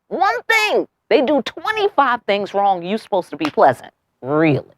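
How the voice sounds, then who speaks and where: A woman's voice: mid-range voice, wildly swooping pitch, moderate pace, a little mellow, dry recording, clean studio sound. A young woman giving a casual tarot reading, brash and profane, firing off rhetorical questions and tagging "okay?" onto her lines. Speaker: tarot reader.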